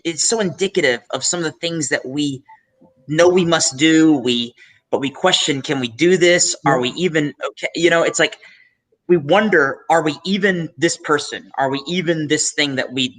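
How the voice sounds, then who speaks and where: A man's voice: a little high, pushed and bright. A man co-hosting a casual chat, talking reflectively with rambling asides and self-corrections. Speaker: co-host.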